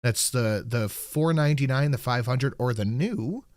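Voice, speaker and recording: Dude hosting a stream, deadpan and blunt, dry mic. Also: male voice, mid-range voice, a little slow, no room sound. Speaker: livestream podcast host. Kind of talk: casual chat.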